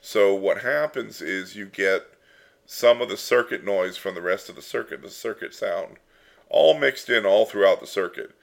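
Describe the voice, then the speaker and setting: A man with a lowish voice and vocal fry talks at normal speed while tinkering at his home workbench, offering a relaxed electronics tutorial full of wry asides. He records on a desktop mic that is sometimes passed through his breadboard circuit, with circuit distortion and synth tones behind.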